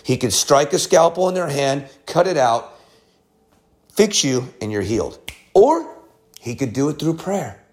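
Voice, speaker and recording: Animated, higher-pitched male preacher. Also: a little slow, long pauses. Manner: animated storytelling, swinging between loud bursts and quiet asides; repeats words and restarts phrases. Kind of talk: sermon with personal testimony.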